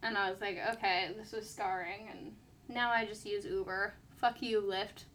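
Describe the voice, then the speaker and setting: A woman's voice: mid-range voice, fairly even intonation, moderate pace, a bit bright. A young woman telling a personal story in casual chat, full of fillers and acted-out quotes. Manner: chatty, lots of "like", quoting others.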